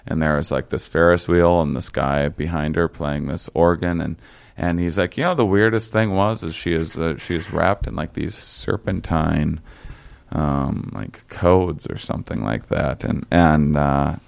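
A young man telling a long story in casual chat, halting and rambling, with many fillers and restarts. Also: rumbling low, gravelly, clean tone.

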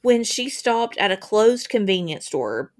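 A woman's voice: mid-range voice, very animated, unhurried. A woman reading a true crime case aloud on a podcast. Her delivery stays casual and conversational, and she voices long first-person accounts between asides. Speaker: podcast co-host.

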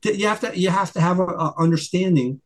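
A man's voice: high-pitched, fast talker. A middle-aged man, a guest in an interview, talking emphatically with many stumbling restarts. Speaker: guest, retired investigator and attorney. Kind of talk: conversational interview.

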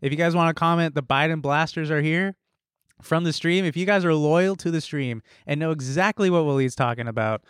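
A man co-hosting a casual podcast, talking fast and animated, with lots of swearing. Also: on the high side, smooth, dry recording, studio quality. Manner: rapid, animated, swears a lot. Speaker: podcast co-host.

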